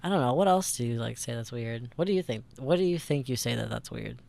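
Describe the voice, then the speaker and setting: A man's voice: mid-range voice, animated, fast talker, vocal fry, a little mellow, slight background noise. A young man from St. Louis, co-hosting a podcast in a rambling, casual way full of fillers and swearing. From St. Louis, Missouri. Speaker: podcast co-host. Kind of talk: casual chat.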